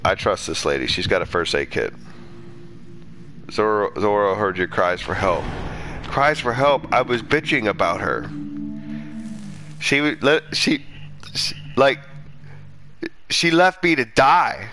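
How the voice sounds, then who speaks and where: A man doing casual live game commentary in a bright, forceful voice that swoops up and down a lot. He swears freely, bursts into loud indignant rants and drops back to low mutters, with a slow, unhurried delivery. The sound is dry and close. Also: expressive, a little hiss or hum. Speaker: streamer.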